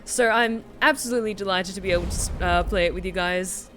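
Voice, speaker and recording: A woman's voice: mid-range voice, brisk, fairly bright tone. A woman streaming a video game, chatting casually, enthusiastic and profane. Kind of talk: casual live-stream commentary. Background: faint game music.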